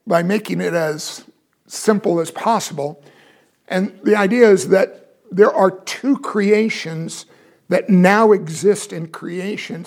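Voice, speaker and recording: Gravelly, high-voiced man teaching the Bible. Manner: explanatory, asks questions.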